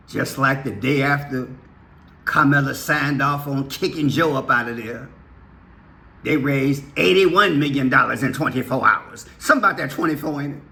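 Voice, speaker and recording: Man, channel host, high lively voice, bright tone, playful drawn-out commentary. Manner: animated, playful, drawn-out exclamations. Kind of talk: casual political commentary.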